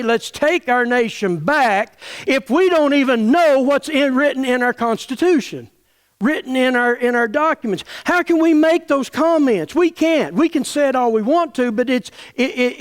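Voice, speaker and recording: High-voiced man preaching a sermon. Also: animated, a little slow. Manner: earnest, impassioned preaching. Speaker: pastor. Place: church.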